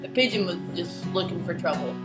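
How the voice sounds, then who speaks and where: This young woman's voice is on the lower side and a little fast. As a vlogger, she chats animatedly through a funny everyday anecdote, acting out others' lines, recorded from a distant mic in a reverberant room with quiet music.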